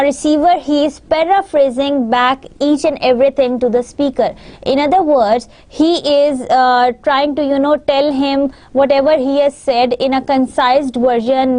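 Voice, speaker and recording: Woman lecturer w pakistani english accent, pretty high voice, patient, keeps recapping stuff. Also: dark tone. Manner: patient, explanatory teaching with frequent recaps. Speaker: university lecturer. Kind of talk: recorded online lecture.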